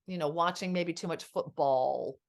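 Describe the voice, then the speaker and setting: A woman's voice: low voice, normal speed, vocal fry. A woman in her fifties, a marriage and family therapist, speaking as a podcast guest in a heartfelt, reflective way. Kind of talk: candid podcast interview.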